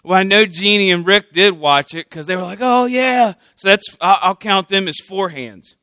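A man preaching a sermon to a congregation, joking and conversational as he checks in with his listeners. His voice sits high and bright, with a crisp, clear tone. The sound is dry and close. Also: fairly even intonation, moderate pace, no room sound. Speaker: candidate pastor preaching.

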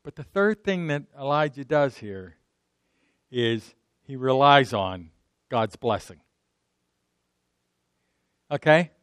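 A male pastor preaching a sermon, lively and jokey, asking the audience questions. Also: mid-range voice, slow pace, pauses often, clear, resonant tone, no echo.

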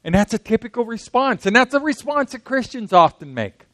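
A man's voice: very high voice, big pitch swings, fairly quick, a bit bright, no room sound. A man preaching a sermon in a conversational way, often asking the congregation questions.

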